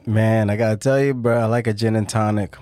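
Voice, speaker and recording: A man's voice: lowish voice, fairly even intonation, brisk, a little mellow, no room sound. A man chatting casually on a podcast, firing off teasing questions in heavy slang. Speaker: podcast co-host. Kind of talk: casual chat.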